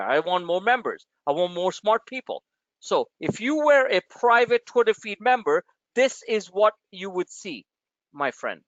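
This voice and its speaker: A brash male host runs a live trading webinar, his voice high for a man and swinging up and down all the time. The dull, lo-fi stream audio is close and dry, with no room around it. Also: dry recording. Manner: animated, brash and joking, addresses listeners as "my friend". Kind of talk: live market webinar with member Q&A.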